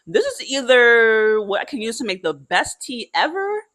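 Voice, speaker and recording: A woman's voice: on the high side, sing-song, normal speed, fairly bright tone, dry recording, clean studio sound, voice pushed up. A woman voicing a jolly, easygoing old uncle who loves tea, in a casual retelling. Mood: sly.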